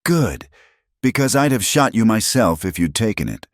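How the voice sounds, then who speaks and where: A man's voice: on the low side, sing-song, moderate pace, no echo, studio quality, pitched above the performer's own voice. A man voicing a fierce, protective frontier widow who speaks firmly in a storybook western. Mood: urgent.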